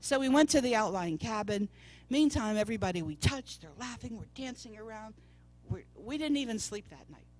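A woman's voice: a little high, expressive, a little fast, hardly any pauses, a little mellow. A woman preacher telling a personal testimony in a church service, storytelling and acting out the voices of people she quotes. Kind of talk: testimony sermon.

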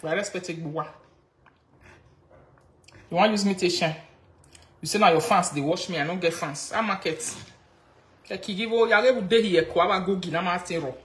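A woman's voice: fairly low pitch, normal speed, pauses often. Nigerian woman in echoey room. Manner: mixes Pidgin and local languages, mocking, animated. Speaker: social media commentator. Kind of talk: casual live-video rant.

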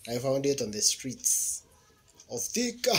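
A man's voice: medium pitch, sing-song, unhurried, breathy edge. A Kenyan man chatting casually and teasingly as a husband in a couple's vlog. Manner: joking, teasing, mixes in Swahili. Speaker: vlogger, husband. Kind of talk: casual chat.

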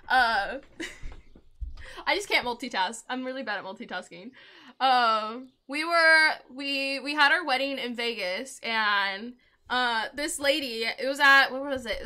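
A woman's voice: a little high, pushed and bright. A young woman streaming a game, chatting to viewers in a giggly, rambling way and telling stories. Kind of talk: casual live-stream chat while gaming.

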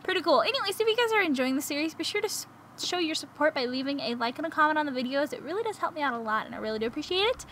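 Excitable bright-voiced woman gamer. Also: sits high, very fast, a little hiss or hum. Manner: excitable, jokey, yelps when in danger. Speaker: gaming channel host. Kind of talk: casual gameplay commentary.

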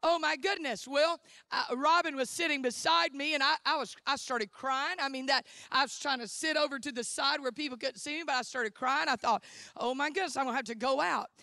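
Bright high woman preaching. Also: brisk, no echo, studio quality. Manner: fervent, exclaiming hallelujah and amen. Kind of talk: sermon testimony. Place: church.

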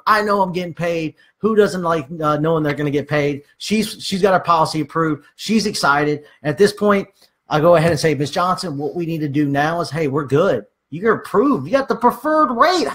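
A man's voice: a little high, fairly bright tone. A man giving casual sales training, acting out conversations with clients and using many fillers.

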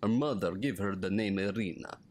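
A man's voice: deep voice, fairly quick, a little mellow, slight background noise. A man voicing an older male islander who reads his journal aloud in a Russian accent and broken English. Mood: earnest.

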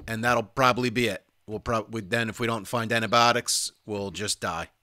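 A man's voice: lowish voice, steady tone, normal speed, pushed and bright, slight background noise. A man giving casual let's-play commentary over a survival game, wry and self-mocking, muttering to himself as he plays. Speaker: gaming YouTuber.

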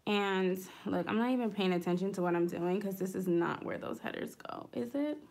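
A woman's voice: medium pitch, fairly even intonation, a little fast, a little mellow. A woman vlogger chatting casually as she decorates a planner, rambling through a story with fillers and small asides. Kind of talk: casual storytelling while crafting.

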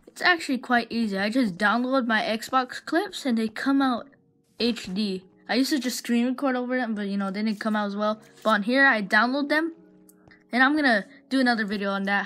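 A woman's voice: on the high side, poor audio. A woman voicing over her gameplay clips as a channel host, rambling and swearing and trash-talking the other players. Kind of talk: voiced-over gameplay commentary. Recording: game music loud underneath.

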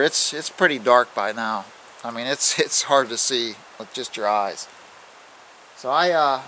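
A middle-aged man telling a true scary story in plain, casual speech, halting and restarting as he goes. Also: medium pitch, sharp tone, a little hiss or hum, low-quality recording. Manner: plain-spoken, halting with restarts, acting out growls. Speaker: outdoors channel host.

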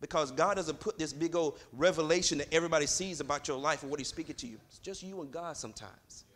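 In a church sanctuary, a male pastor delivers a loose sermon packed with fillers that builds into emphatic stretches. His voice is a little high and a bit bright, and he speaks quickly.

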